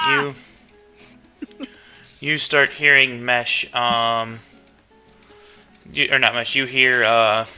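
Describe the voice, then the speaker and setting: A man's voice: medium pitch, sharp tone. A man narrating as game master in a tabletop game, telling the scene in a loose, swearing way.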